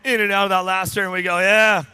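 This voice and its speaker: A man with a high, very bright voice calls races live from a BMX track. His delivery is smooth and clear, rapid-fire and playful, and he jokes with the riders and crew between names. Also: flat delivery, no room sound. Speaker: race announcer. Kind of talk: live race commentary.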